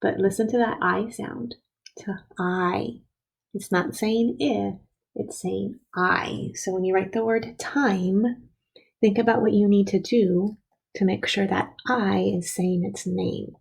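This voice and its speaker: Patient woman teacher, husky and gravelly, slowly sounds out words for young kids. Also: medium pitch, steady tone, a little mellow, poor audio. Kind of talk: early-grade spelling and writing lesson.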